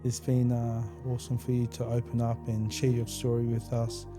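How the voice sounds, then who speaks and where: A man's voice: mid-range voice, monotone, normal speed, music in the background. A man hosting a podcast interview, speaking in a reflective and affirming way. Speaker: podcast host. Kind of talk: interview conversation.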